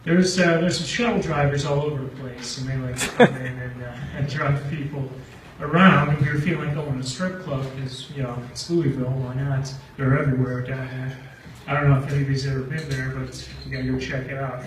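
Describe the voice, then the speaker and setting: A man's voice: mid-range voice, fairly even intonation, fairly quick, few pauses, a little hiss or hum. A man doing stand-up, telling a rambling story and laughing at his own jokes. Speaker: stand-up comedian. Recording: echoey room from far off with faint ambience.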